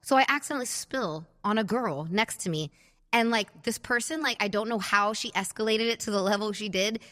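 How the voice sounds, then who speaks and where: Animated woman telling a story. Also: medium pitch, fairly quick, long reverb tail. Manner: animated, acts out quotes in lively bursts. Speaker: podcast host. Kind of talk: casual storytelling chat.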